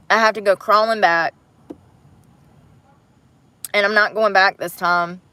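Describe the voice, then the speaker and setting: A woman's voice: medium pitch, sharp tone, dry recording. Blunt, profane woman ranting on a livestream. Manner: blunt, heated and profane, talks straight to viewers. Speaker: livestream host. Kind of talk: angry livestream rant.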